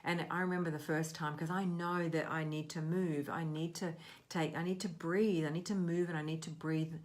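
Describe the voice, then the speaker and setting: A woman's voice: deep voice, steady tone, normal speed. A middle-aged woman coaching on self-worth in a casual, earnest talk, rambling and often restarting her sentences.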